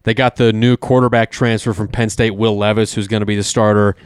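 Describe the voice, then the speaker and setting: A man's voice: on the low side, flat delivery, a little fast, clean tone, no echo, studio quality. A man co-hosting a casual sports talk show, eager and tripping over terms as he explains. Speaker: co-host.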